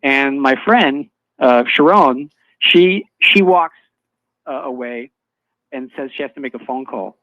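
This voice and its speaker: A man telling a personal story as a guest in casual chat, halting, with many fillers and restarts. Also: mid-range voice, bright, forceful tone, dry recording. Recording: dull lo-fi online audio stream.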